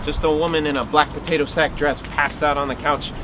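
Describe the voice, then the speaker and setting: A man's voice: fairly high pitch, level tone, brisk, natural voice. A man playing a wry, dogged 1850s marshal, telling his story as a first-person dramatic monologue with grumbling asides. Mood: tense, wry. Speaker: historical reenactor. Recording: outdoor recording with traffic noise.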